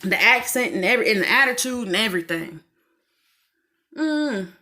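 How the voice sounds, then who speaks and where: A woman with a Southern US accent vlogs while doing laundry at home, chatting casually in a fairly high, expressive, sharp voice at moderate pace. She rambles and laughs often.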